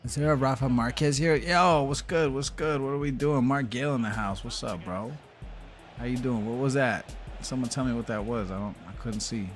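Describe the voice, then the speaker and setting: Man, game streamer, casual chat, animated ranting, swears freely, mid-pitched voice, faint music behind. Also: moderate pace.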